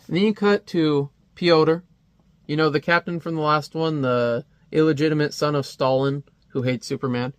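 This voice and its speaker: A man's voice: fairly high pitch, fairly even intonation, moderate pace, smooth, dry recording. A man casually reviewing a comic, chatty and wry, with many fillers.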